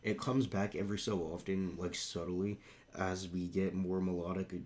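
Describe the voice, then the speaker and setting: A man reacting to a song and explaining music terms, counting beats aloud and singing snippets in a rough morning voice. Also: sits low, little pitch movement, moderate pace. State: morning voice, rough on high notes. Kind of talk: casual reaction and music analysis.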